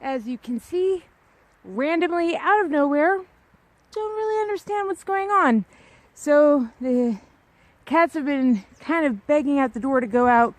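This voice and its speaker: A woman's voice: sits high, expressive, measured pace, dry recording. A young woman chatting casually to her camera as she walks a snowy trail outdoors, rambling and self-deprecating. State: upset, close to tears. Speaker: vlogger. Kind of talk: casual vlog while walking a trail.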